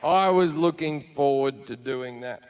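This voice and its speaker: A man's voice: mid-range voice, measured pace, a little hiss or hum. A man telling a stand-up comedy story to a laughing audience in a brash, profane, self-mocking way.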